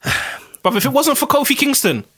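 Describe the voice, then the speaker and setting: A man with a London accent, co-hosting a podcast in lively, slang-heavy casual banter. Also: very high-pitched, moderate pace. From London, England. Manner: animated, laughing, heavy slang. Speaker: podcast co-host and rapper.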